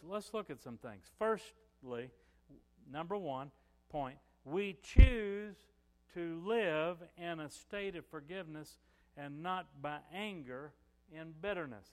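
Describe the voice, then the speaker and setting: Older guy pastor preaching casual, kinda high voice, long church reverb. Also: lively intonation, slow, darkish tone. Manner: conversational preaching, frequent "you know" fillers. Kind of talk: sermon.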